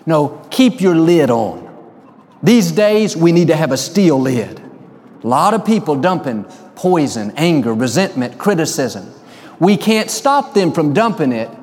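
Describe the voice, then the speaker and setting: A man preaching a sermon, telling stories and slowing down to stress key lines. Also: fairly high pitch, sing-song, a little mellow, big-room sound, slight background noise. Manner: storytelling, slows for emphasis. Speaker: pastor.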